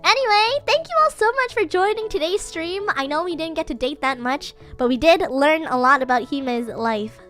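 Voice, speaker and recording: A woman streamer telling a story in casual livestream chat, animated and giggly, playfully dramatic. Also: high voice, normal speed, hardly any pauses, faint music behind.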